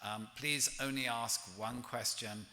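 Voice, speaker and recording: Halting professor introducing a speaker. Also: male voice, mid-range voice, steady tone, sharp tone. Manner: halting, with many ums and restarts. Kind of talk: formal introduction. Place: lecture hall. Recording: reverberant hall with faint room noise.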